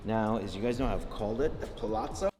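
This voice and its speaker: A man's voice: fairly low pitch, lively intonation, fairly quick, music in the background. Upbeat man giving a building tour. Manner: upbeat, showing things off, filler-heavy. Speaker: property owner giving a remodel tour. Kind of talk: vlog walkthrough.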